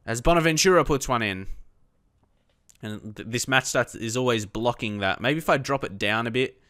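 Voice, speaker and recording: A man's voice: mid-range voice, clean tone, no echo, studio quality. Chatty young man commentating gameplay. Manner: chatty, bursts into frustrated shouting at players. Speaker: gaming YouTuber.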